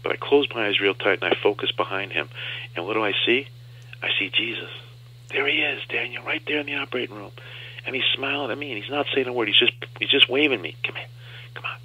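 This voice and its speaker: A man's voice: mid-range voice, fast talker, breathy edge. A man, a comedian guest on a radio interview show, telling a story and acting out the other voices in it. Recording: dull lo-fi radio sound.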